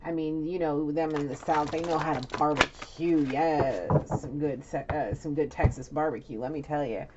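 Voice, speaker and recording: Low-voiced, blunt New woman. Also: fairly even intonation, moderate pace. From New York City. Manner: blunt, scolding and frank, with frequent restarts. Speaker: intuitive reader. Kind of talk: spoken intuitive reading to an absent person. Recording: dull lo-fi audio with faint noise.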